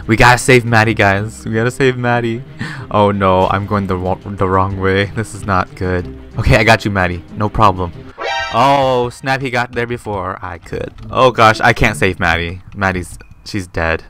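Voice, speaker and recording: A young man doing Let's Play commentary on a game, excitable, often jumping to high shrieks and laughter, with game music behind. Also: moderate pace. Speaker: gaming YouTuber.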